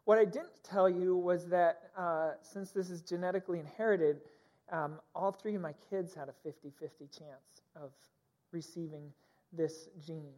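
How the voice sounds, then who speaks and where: A man's voice: high voice, steady tone, normal speed, a little mellow. Brief: male pastor, conversational sermon delivery, personal storytelling style with plenty of uhs and ums. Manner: candid, personal storytelling with frequent fillers.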